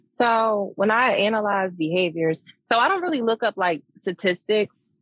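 A woman guest, a behavior analyst, explaining her work in a measured way on a podcast. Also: mid-range voice, expressive, a bit bright, husky, no room sound. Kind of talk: casual interview chat.

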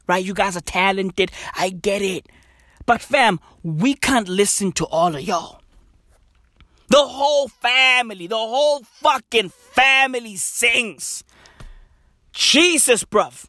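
A man doing a profane stand-up rant, exasperated and slangy, swinging between loud outbursts and weary mutters. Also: very high voice, no echo, clean studio sound. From South Africa. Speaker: comedian.

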